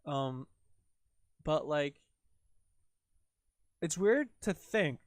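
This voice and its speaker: A man's voice: a little high, animated, very slow, no room sound. A man with a Canadian accent chatting casually on a livestream while he edits video, rambling, full of "like" fillers and talking to himself as he works.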